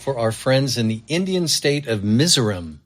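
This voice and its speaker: A man's voice: medium pitch, lively intonation, normal speed, a bit bright, faint music behind. A man co-hosting a true crime podcast with his wife, chatting casually and chiming in supportively. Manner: easygoing, supportive interjections. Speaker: podcast co-host. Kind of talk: casual chat.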